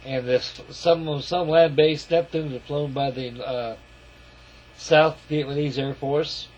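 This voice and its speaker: A man's voice: fairly high pitch, steady tone, slow, darkish tone, a little hiss or hum. A man casually narrating a walk-around of his scale model, folksy and rambling, calling his viewers folks. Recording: lo-fi camera audio.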